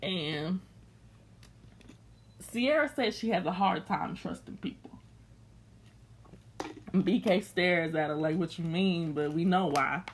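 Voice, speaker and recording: A woman's voice: on the low side, animated, takes it slowly, long pauses, slight background noise. A young woman recapping a reality show in blunt, slangy, sassy chat, unscripted.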